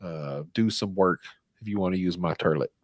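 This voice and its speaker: A man with a very low voice trades crude, profane jokes in casual podcast banter. He talks bluntly and mockingly, and the recording is dry and close, with no room sound. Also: normal speed, dry recording. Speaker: podcast co-host.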